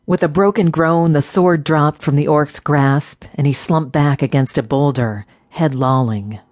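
A woman narrating a fantasy audiobook in a steady, measured storytelling manner. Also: sits low, no room sound.

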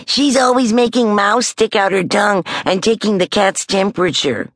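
A woman's voice: mid-range voice, moderate pace, no room sound, clean studio sound, voice pushed up, close to an everyday voice. A woman voicing a young boy who teases his sister in a bratty, taunting way in an audiobook. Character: teasing little brother. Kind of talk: audiobook character voice.

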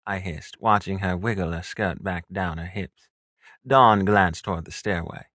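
Low, bright male audiobook narrator. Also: normal speed, dry recording, studio quality. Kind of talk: scripted first-person audiobook narration.

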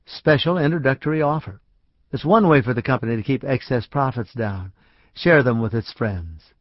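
A man voicing a heartbroken grown man who poses as a salesman and speaks quietly and solemnly. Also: medium pitch, normal speed, no echo, natural voice. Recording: dry, slightly dull studio audio.

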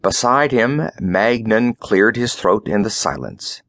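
A man reading a science fiction audiobook as narrator, expressive and measured, close to a studio mic. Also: on the low side, no room sound. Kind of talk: scripted narration.

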